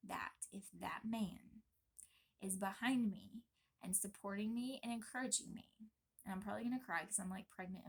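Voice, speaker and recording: A young woman vlogging casually, talking in an emphatic, chatty and animated way. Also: medium pitch, breathy edge. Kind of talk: casual pregnancy vlog talk.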